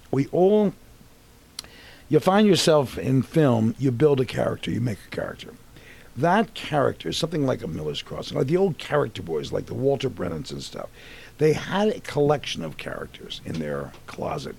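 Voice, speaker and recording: With a creaky, husky voice of medium pitch, a man in his sixties recounts his acting career as a guest in a casual interview. His anecdotes are animated and rambling, with frequent restarts.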